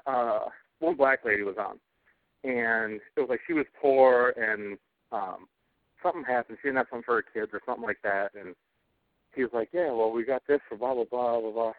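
A man's voice: mid-range voice, no echo. A man co-hosting a casual talk show, ranting about television with heavy swearing. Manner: ranting, profane, cranky. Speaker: podcast co-host. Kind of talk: casual chat. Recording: tinny phone-like audio, dry.

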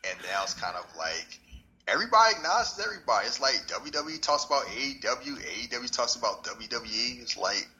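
A man co-hosting a casual wrestling podcast chat, talking in an animated, rambling, slangy way. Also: medium pitch, a little fast, poor audio.

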